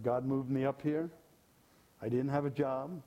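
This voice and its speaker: A man's voice: mid-range voice, steady tone, unhurried, dull audio. An older man giving an informal, folksy sermon, joking and repeating his phrases. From California. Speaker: lay preacher.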